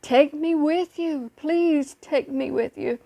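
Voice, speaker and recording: A woman's voice: high voice, slow pace, creaky, dark tone, voice pushed up, full character voice. A woman voicing a crotchety old man in a retirement home, querulous and pleading.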